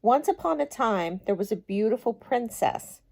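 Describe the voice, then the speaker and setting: A woman reading a picture book aloud to young children, gentle and expressive, chatting with them between pages. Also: on the high side, normal speed, vocal fry. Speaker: storyteller.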